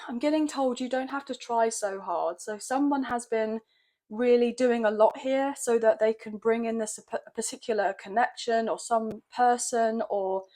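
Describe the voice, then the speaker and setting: A woman's voice: fairly high pitch, normal speed. A woman doing a tarot reading, chatty and emotional, often checking in with her viewers. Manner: gentle, chatty, emotional, often saying "okay, guys". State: a bit croaky. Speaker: tarot reader.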